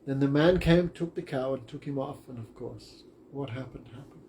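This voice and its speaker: A man's voice: mid-range voice, normal speed, darkish tone, slight background noise. A man teaching a class, retelling a story in simple, short phrases.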